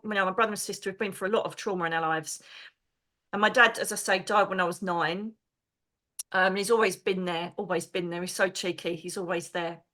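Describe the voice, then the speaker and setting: A middle-aged woman, a podcast guest, telling stories excitedly and chattily, acting out the voices of people she quotes. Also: mid-range voice. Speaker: podcast guest, psychic medium. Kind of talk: animated storytelling.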